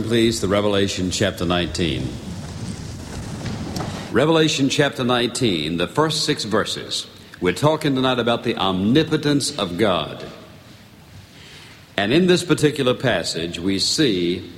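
A man preaching a sermon in a church, reading scripture slowly and with weight, then teaching in an emphatic, deliberate way. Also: lowish voice, a bit bright. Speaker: pastor. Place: church sanctuary. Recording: long reverb of a church hall.

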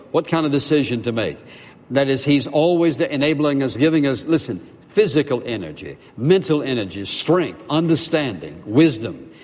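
A man's voice: mid-range voice, darkish tone. Preaching man in a reverberant hall. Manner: emphatic preaching, rhetorical questions, slowed stress on key phrases. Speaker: pastor. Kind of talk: sermon.

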